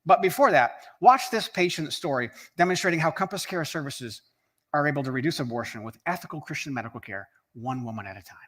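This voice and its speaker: A man's voice: a little high, expressive, fast talker, fairly bright tone. A man. He is earnest and emphatic, and he stacks up repeated phrases to build momentum. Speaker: rally speaker. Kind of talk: scripted speech.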